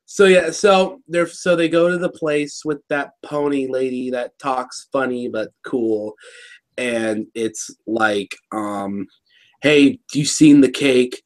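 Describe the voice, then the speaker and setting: A man's voice: mid-range voice, fairly even intonation, slow pace. A young man co-hosting a casual chat, rambling as he retells a cartoon episode with slang. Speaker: podcast co-host.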